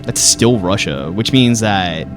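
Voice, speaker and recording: A man's voice: lowish voice, animated, slow pace, music in the background. A man giving casual, joking let's-play commentary, thinking aloud as he goes. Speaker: gaming host.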